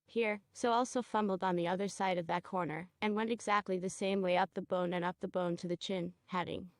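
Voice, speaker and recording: A woman teaching a cosmetology procedure, guiding a student step by step and checking in with quick questions. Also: fairly low pitch, fairly even intonation, no room sound, studio quality. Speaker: cosmetology instructor. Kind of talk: hands-on training demonstration.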